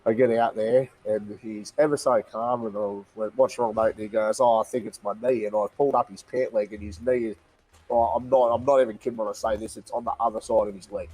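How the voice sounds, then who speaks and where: An Australian man as a podcast guest, telling a funny story in a casual, animated way and laughing as he goes. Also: lowish voice, fairly quick, slightly rough, low-quality recording.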